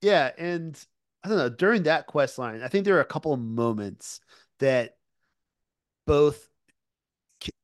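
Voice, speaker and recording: A man's voice: fairly high pitch, expressive, measured pace, pauses often, no room sound, studio quality. A man co-hosting a podcast, casually retelling events with many fillers. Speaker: podcast co-host. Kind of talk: casual discussion.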